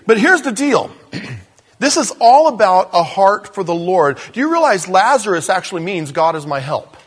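A man's voice: high-pitched, very animated, normal speed, breathy edge. A man preaching a sermon as pastor in a conversational style, with asides, repeated phrases and self-interruptions.

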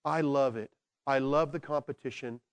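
A male pastor preaching a sermon with animated delivery, dropping into slow, quiet emphasis and then building to excited bursts. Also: mid-range voice, clean tone, lo-fi sound. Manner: slows down to stress key words.

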